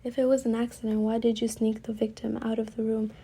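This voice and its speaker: A woman's voice: a little high, little pitch movement, quick pace, warm tone, a little hiss or hum, close to an everyday voice. A woman reading the lines of an odd schoolboy who speaks in a fake British accent like a mock detective. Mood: mock-serious.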